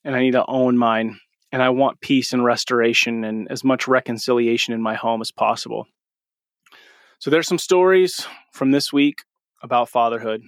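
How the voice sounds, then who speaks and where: A man's voice: mid-range voice, normal speed, dry recording. Man, forties, podcast host, earnest, conversational, dry close sound. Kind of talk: casual storytelling monologue.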